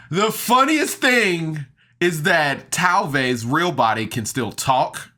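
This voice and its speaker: A man's voice: fairly high pitch, lively intonation, takes it slowly, sharp tone. A man casually recapping a tabletop game episode on a podcast, chatty and enthusiastic, with laughs and fillers. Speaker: podcast reviewer.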